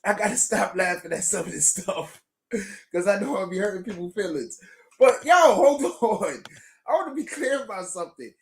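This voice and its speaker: A man's voice: high voice, animated, normal speed, gravelly. A man hosting a livestream, reading viewer chat aloud and reacting in an incredulous, emphatic way, laughing between remarks. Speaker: show host.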